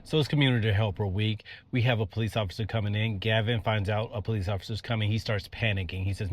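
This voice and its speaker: A man telling comedic stories about his days as a pre-K teacher, with stammered restarts and sudden high-pitched outbursts when flustered. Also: fairly even intonation, quick pace, few pauses. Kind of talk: storytelling comedy with acted-out quotes.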